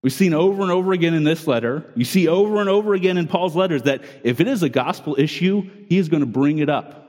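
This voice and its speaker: A man's voice: fairly high pitch, animated, fast, a little mellow. A man, in his thirties or forties, preaching a sermon in an earnest, conversational way, often restarting and repeating words. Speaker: pastor. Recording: long hall reverb.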